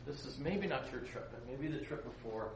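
A man preaching a sermon, telling a story with animated delivery and acting out the voices in it. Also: medium pitch, moderate pace, very noisy. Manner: animated, acts out voices in his stories. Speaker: pastor leading a Bible study. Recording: roomy, distant mic with faint ambience.

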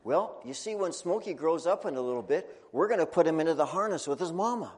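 A man's voice: on the high side, animated, fast, slightly rough. A man voicing a poor, middle-aged farmer father who talks eagerly and boastfully, in an echoey hall. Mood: excited.

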